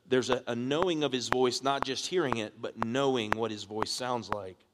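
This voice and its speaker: A man's voice: mid-range voice, normal speed. Man, pastor, sermon, questions the congregation, builds in force, long reverb, audible background noise. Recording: echoey hall with background noise.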